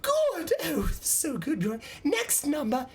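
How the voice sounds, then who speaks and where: A man's voice: very high voice, wildly swooping pitch, takes it slowly, voice pushed up, exaggerated voice. A man putting on a sing-song, overly praising woman teacher giving a child an eye test. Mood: gushing.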